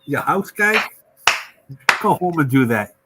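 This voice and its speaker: A man on a casual live-stream chat, throwing in quick joking reactions. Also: on the high side, very animated, background noise.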